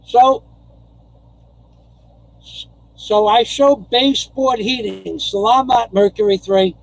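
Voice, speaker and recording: A man's voice: high voice, measured pace, gravelly, no room sound, low-quality recording. An older man from New York rambling through a casual live stream, repeating phrases and chuckling as he goes.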